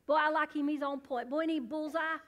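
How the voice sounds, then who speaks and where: A woman pastor preaching a sermon, swinging between loud emphatic bursts and hushed, low asides. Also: steady tone, brisk.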